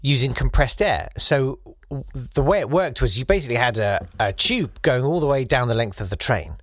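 Animated man telling a story. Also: moderate pace, dry recording, clean studio sound. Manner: animated, breaks into high-pitched silly voices for quoted people. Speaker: podcast co-host. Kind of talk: casual chat, storytelling.

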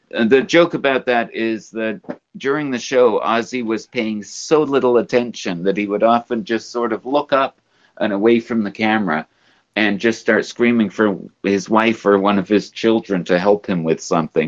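A man hosting a podcast, telling stories in casual chat. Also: fairly low pitch. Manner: storytelling, drawn-out. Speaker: podcast host. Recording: dull lo-fi sound.

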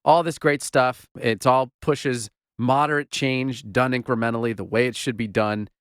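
A man's voice: mid-range voice, steady tone, moderate pace, a bit bright, clean tone, no echo. Wry podcast co-host man, dry sound. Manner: wry, dry-humored banter. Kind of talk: casual podcast chat.

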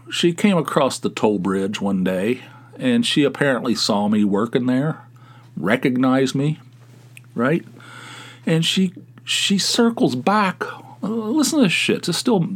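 A middle-aged man hosting a podcast, spinning loose, animated stories from his youth. He rambles and chuckles as he goes, in an unhurried conversational manner. His voice sits at an everyday middle pitch. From West Virginia. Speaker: podcast host. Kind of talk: casual anecdotal storytelling.

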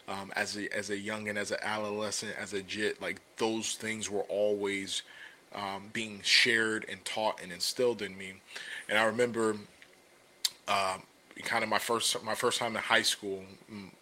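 A young adult man co-hosting a podcast, telling a personal story in a relaxed, conversational way with many fillers, and building energy when he makes his point. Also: on the low side, a little hiss or hum. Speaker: podcast co-host and business coach. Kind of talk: casual podcast talk.

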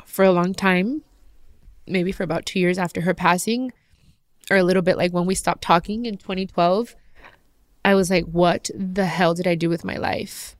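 A woman's voice: lowish voice, steady tone, moderate pace, no echo, clean studio sound. A woman in her thirties talking candidly to her viewers, heartfelt and emotional as she shares a personal story. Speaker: vlogger sharing personal story.

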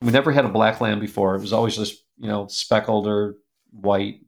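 A man speaking as an interview guest, telling an earnest, emotional story with an animated delivery that drops to a soft hush at tender moments. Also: lowish voice, moderate pace, creaky. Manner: animated, acts out quoted voices. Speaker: guest speaker, publisher founder.

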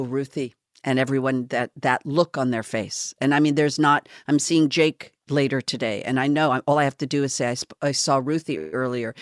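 A woman hosting a podcast, talking in an earnest, halting and openly confessional way. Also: very deep voice, dry recording, studio quality. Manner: earnest, halting, self-revealing. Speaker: podcast host.

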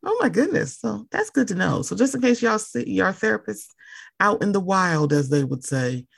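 Podcast host lady, husky gravelly voice, swings all over the place pitch-wise, animated. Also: moderate pace. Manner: animated, reacts often, acts out quotes. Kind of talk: casual podcast conversation.

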